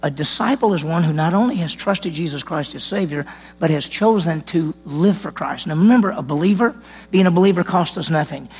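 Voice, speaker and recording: A man's voice: on the high side, vocal fry, slightly rough. A man preaching a sermon as senior pastor, telling a personal story in a conversational way and acting out the dialogue. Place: church sanctuary.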